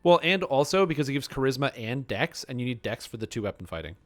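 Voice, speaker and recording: A man's voice: medium pitch, very animated, quick pace. Joking man streaming a game. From Canada. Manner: joking, rambling, self-mocking. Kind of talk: casual live-stream chat, answering chat.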